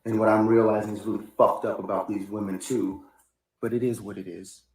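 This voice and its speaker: A man telling a long personal story in a casual, rambling way, sometimes rising into high, loud bursts. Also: flat delivery, brisk. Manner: rambling, rising to high-pitched outbursts when quoting himself. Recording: echoey room.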